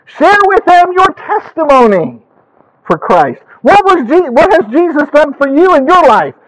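A man preaching a sermon, telling stories and rising into animated emphasis on his key points. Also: extremely high pitch, unhurried, poor audio.

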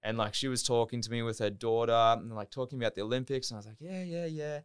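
A young Australian man spins a story in relaxed podcast chat. His voice is smooth and clear, sitting at a middle pitch. He talks loosely, swears freely and fills his sentences with "like". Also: very fast. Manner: loose, swears often, heavy use of "like". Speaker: podcast guest, Olympic diver.

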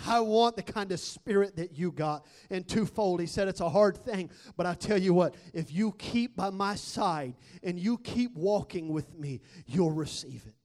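High-voiced preacher man. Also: normal speed, hardly any pauses. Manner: builds from storytelling to shouted preaching. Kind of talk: sermon.

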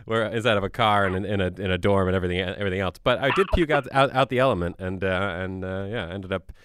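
A man chatting casually, telling his story haltingly with many restarts. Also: sits low, background noise. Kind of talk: casual chat.

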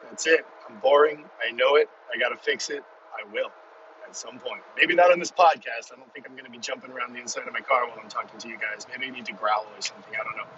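A middle-aged man hosting a casual solo podcast from inside his car, rambling and self-deprecating, excitable in his talk. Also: mid-range voice, quick pace, distant mic, lo-fi sound, noisy background. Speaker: podcast host.

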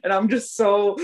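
A young woman casually recapping a drama episode, expressive, swearing and laughing often. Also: mid-range voice.

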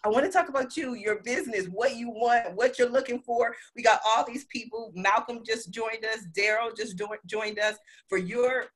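A woman hosting a podcast interview in casual chat, animated and laughing, jumping high and low and going off on tangents. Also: moderate pace, hardly any pauses, husky, low-quality recording. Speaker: podcast host.

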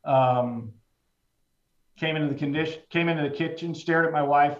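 A middle-aged man with a fairly high voice tells his own story candidly, plain-spoken and heartfelt, with casual restarts. The sound is roomy and somewhat dull, as if recorded in an echoing space. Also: moderate pace. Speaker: trader speaking as a guest. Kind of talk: candid personal storytelling in a conversation.

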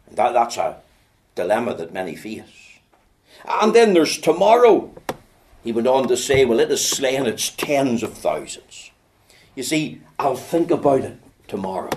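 A man preaching a sermon, swinging from hushed storytelling to loud, urgent pleading. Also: mid-range voice, very animated, a little slow.

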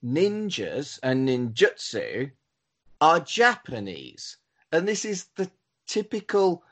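A man's voice: on the high side, huge pitch swings, slow. A man co-hosting a podcast, chiming in with enthusiastic asides. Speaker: podcast co-host. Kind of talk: casual chat.

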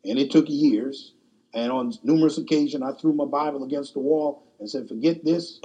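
A man's voice: mid-range voice, fairly even intonation, brisk, dark tone, husky. A man preaching a sermon, telling a personal story in a folksy, colloquial way.

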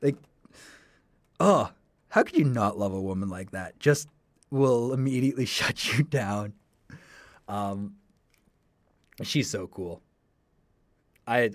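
A man's voice: on the low side, no echo, studio quality. A young man, a broadcasting student hosting a casual solo podcast. He talks enthusiastically and rambles. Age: young adult.

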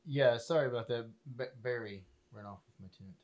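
A man playing a tabletop game, speaking in character as a soldier, laid-back and deadpan. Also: medium pitch, fairly quick, dull audio. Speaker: player.

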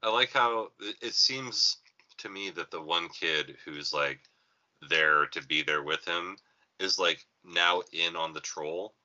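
A man chatting casually on a video call, joking and swearing, with an animated way of talking. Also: low-pitched, takes it slowly, dull audio. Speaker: co-host, baseball coach. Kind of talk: casual chat.

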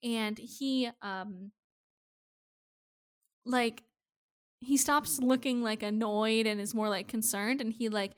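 A woman's voice: on the high side, steady tone, slow pace, long pauses, clear, resonant tone. A woman casually recapping a TV episode for a co-host, chatty and full of "like" fillers. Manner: chatty, lots of "like" fillers, acts out quotes. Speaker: podcast co-host.

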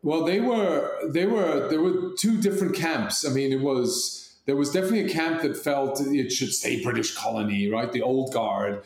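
A man's voice: mid-range voice, normal speed, hardly any pauses, a little mellow, reverberant. A man in casual podcast chat, rambling with many fillers and restarts. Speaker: podcast co-host.

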